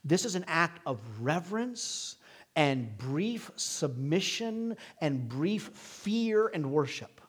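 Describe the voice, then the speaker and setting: A middle-aged man preaching a sermon, moving between hushed, slow lines and emphatic bursts. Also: a little high, very animated, breathy edge. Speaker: pastor.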